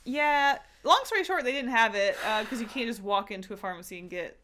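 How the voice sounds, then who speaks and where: Bright, slightly high-pitched woman podcaster, rambling, filler-heavy chat at home. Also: animated, a little fast, slight background noise. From United States. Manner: chatty, filler-heavy, laughs often. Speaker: podcast co-host. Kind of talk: casual chat. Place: apartment.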